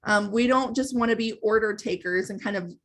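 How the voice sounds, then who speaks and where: A woman's voice: medium pitch, a little fast. A woman hosting a live training webinar, explaining step by step in a conversational way. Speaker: webinar host and sales trainer.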